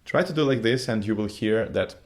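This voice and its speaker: Male vocal coach, somewhat low voice; patient, step-by-step singing lesson delivery with slightly phrasing. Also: brisk. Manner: non-native phrasing, patient step-by-step explaining.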